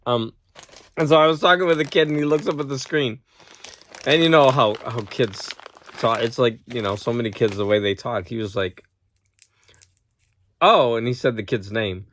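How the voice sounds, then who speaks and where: A man's voice: mid-range voice, moderate pace, pauses often, a bit bright, a little hiss or hum. A man who teaches school, chatting casually to camera at home, rambling and laughing at his own stories while getting over a cold. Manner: rambling, laughs often, talks to his dog. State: has a cold. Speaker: vlogger and teacher. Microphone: camera close-up.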